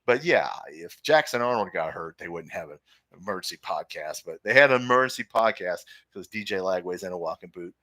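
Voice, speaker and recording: Opinionated live-stream sports host, male, low forceful voice, dry close sound. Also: animated, a little fast, dry recording. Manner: opinionated, rambling, reads chat comments aloud. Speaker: podcast host.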